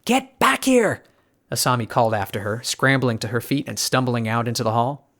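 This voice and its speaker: A man reading an audiobook in an even storytelling tone with hushed tension. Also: medium pitch, fast. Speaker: audiobook narrator. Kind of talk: scripted audiobook narration.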